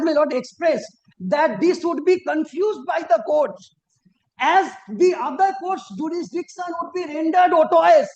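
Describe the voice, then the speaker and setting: A man arguing formally before a judge as an advocate, deferential and halting, with frequent restarts and emphatic rises on key points. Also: very high voice, a little mellow, poor audio. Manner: deferential, peppered with repeated formal address to the bench. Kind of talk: formal courtroom argument. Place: courtroom.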